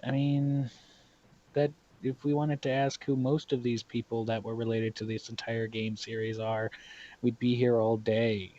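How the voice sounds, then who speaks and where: A man from the Southern US with a Southern accent, chatting excitably and swearing while playing a game. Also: mid-range voice, measured pace. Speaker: let's play host. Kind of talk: casual gaming chat. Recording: dull lo-fi recording.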